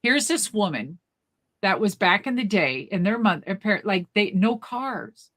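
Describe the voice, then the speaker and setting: A woman co-hosting a live show, telling a rambling, animated family story in casual chat. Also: medium pitch, moderate pace. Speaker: co-host.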